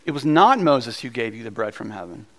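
Mixing earnest teaching with playful humor, including jokes about bread, this man preaches as a pastor in an animated way. He often breaks into quick asides and restarts, his voice rising when excitement takes over.

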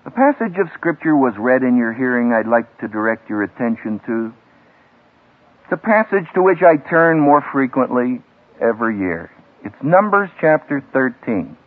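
A man preaching a sermon to a graduating class as a seminary professor, emphatic and dramatic, with big swings in pitch and loudness. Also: big pitch swings, normal speed. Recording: tinny lo-fi archival radio broadcast.

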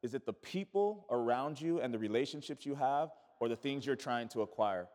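A man's voice: mid-range voice, animated, fairly quick, darkish tone. A man, a pastor, preaching a sermon with emphatic repetition and call-and-response to his congregation. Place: church sanctuary. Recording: echoey church hall.

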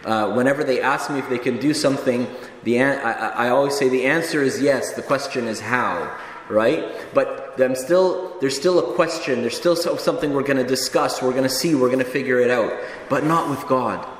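A man's voice: medium pitch, brisk. A man in his thirties, a married priest, preaching a sermon in a conversational way with casual asides and restarts. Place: church. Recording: echoey church hall, faint ambience.

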